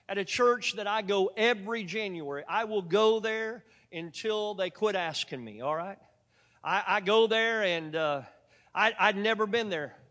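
High-voiced preacher in a reverberant church. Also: male voice, a bit bright. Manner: folksy, joking with the congregation. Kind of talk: sermon with storytelling. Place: church sanctuary.

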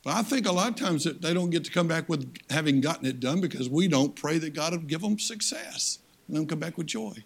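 A male preacher delivering a sermon with a high-pitched, gravelly voice. He tells homespun stories and bursts into loud acted voices for his characters. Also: lively intonation, fairly quick, few pauses. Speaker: guest preacher.

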